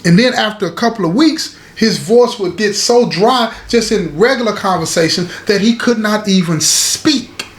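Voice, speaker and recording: A man's voice: sits high, moderate pace, hardly any pauses. A man telling a story casually and emphatically, repeating lines and speaking straight to his listeners. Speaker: storyteller host. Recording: roomy echo, faint background hiss.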